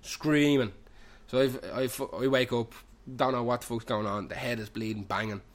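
A man's voice: mid-range voice, steady tone, brisk. Swearing young Irish man telling a story. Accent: Irish, Dublin slang. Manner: heavy swearing, loose run-on storytelling. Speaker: podcast host. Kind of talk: rambling comic anecdote. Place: pub.

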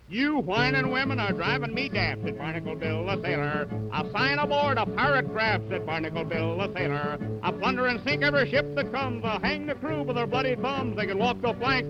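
High brash sailor bragging, tinny old record w loud band behind. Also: male voice, lively intonation, normal speed, over loud music. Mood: rowdy. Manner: brash, swaggering, sung storytelling. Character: boastful rowdy male sailor, gruff and rude. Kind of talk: comic sung ballad.

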